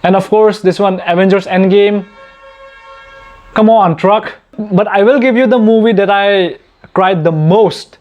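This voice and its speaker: High-voiced chatty young man, laughing often. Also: unhurried, darkish tone, highs cut off. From India. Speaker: YouTube channel host. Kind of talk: casual Q&A chat.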